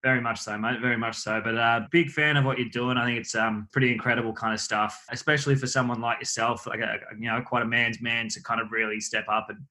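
An Australian man talks fast as a podcast guest, loose and offhand with casual swearing. His voice has a bright, sharp edge, and he rattles words out quickly. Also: mid-range voice, level tone. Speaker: guest, photographer.

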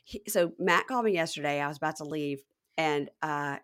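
A woman chatting as a podcast guest, telling stories with quick asides. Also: low voice, a bit bright, clear, resonant tone. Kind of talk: casual podcast chat.

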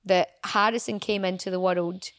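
A woman's voice: mid-range voice, fairly even intonation, normal speed, fairly bright tone, no room sound. Female podcast co-host, candid, swears freely, dry studio sound. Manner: candid, swears, laughs often. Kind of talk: casual chat.

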